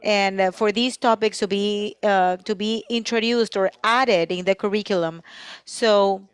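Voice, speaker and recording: Dry, steady woman interpreting a panel. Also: mid-range voice, unhurried, smooth, dry recording. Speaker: conference interpreter.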